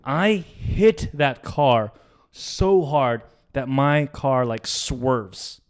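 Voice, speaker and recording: Very slow and mid-range, this young man's voice comes through clear and resonant as he co-hosts a podcast. He tells a casual, animated story, acting out quoted voices and swearing.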